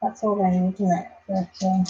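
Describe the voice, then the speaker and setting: A woman's voice: mid-range voice, little pitch movement, moderate pace, highs cut off, slight background noise. Chatty Welsh woman. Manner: chatty, warm-hearted, talks to viewers by name. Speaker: vlogger. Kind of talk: casual live-stream chat. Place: home.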